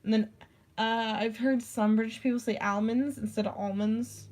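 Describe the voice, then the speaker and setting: A woman's voice: a little high, level tone, normal speed, darkish tone. A young woman ranting casually in a vlog, rambling with constant "like" fillers and casual swearing. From United States. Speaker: vlogger. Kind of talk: casual rant.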